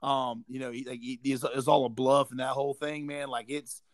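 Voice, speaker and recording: A man's voice: mid-range voice, flat delivery, brisk, dry recording. A man, co-hosting a podcast in casual chat, rambling with many restarts. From South Carolina Lowcountry. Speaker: podcast co-host.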